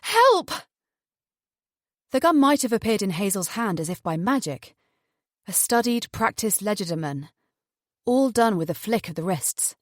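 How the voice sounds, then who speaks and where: A woman narrating a thriller audiobook in a measured, even storytelling manner. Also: mid-range voice, no echo, studio quality.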